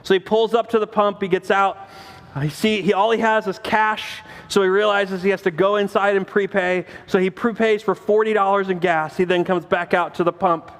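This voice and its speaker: A man in his forties preaching a sermon, telling a family story with animated acted-out dialogue and self-mocking laughter. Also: high voice, normal speed. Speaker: pastor. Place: church sanctuary. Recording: long reverb of a church hall.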